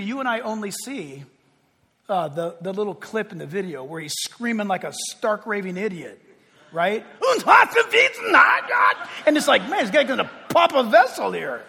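With a high, husky voice, a male preacher gives a forceful sermon, shifting from loud proclamations to soft near-whispers. A long reverb surrounds him, as though he's in a large hall.

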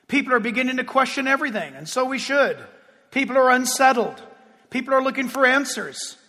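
Man, pastor, fervent sermon, very high voice, long echoing reverb. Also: lively intonation. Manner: fervent preaching with sudden shouts and drawn-out phrases.

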